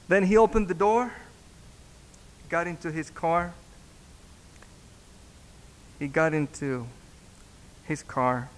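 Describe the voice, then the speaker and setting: A man, a pastor, telling a story in a sermon, halting and repeating words as he acts out the dialogue. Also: sits high. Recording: long reverb in a hall.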